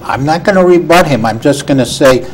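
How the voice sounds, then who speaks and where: A man's voice: fairly high pitch, lively intonation, a little fast, rough recording. A man speaking as a guest on a political panel, giving firm opinions. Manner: opinionated, emphatic. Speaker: guest commentator. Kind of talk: political discussion. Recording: faint background noise.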